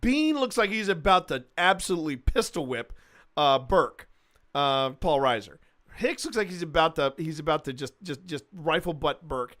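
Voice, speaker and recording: A man hosting a livestream, chatting casually and rambling, with loud bursts of laughter. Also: fairly high pitch, lively intonation, normal speed. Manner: quotes films in a gruff mimic voice. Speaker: livestream host.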